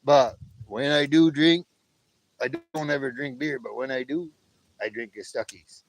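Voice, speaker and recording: A man's voice: mid-range voice, measured pace, a little hiss or hum, poor audio. A cheerful, chatty man hosting a casual livestream outdoors at his backyard fire pit at night, greeting viewers by name and laughing often. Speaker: livestream host. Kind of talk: casual live-stream chat. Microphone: camera on a tripod.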